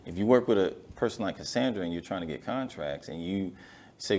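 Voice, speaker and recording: On his business interview podcast, a man mulls over his guest's points and backs them up, adding affirming murmurs and light teasing in a reflective way. His low voice is expressive and brisk, with some vocal fry.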